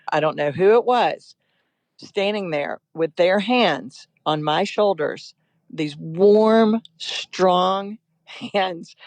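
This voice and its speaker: Gravelly woman telling an urgent story. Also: lowish voice, a little mellow, no room sound. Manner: urgent, emotional, quick storytelling. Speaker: guest.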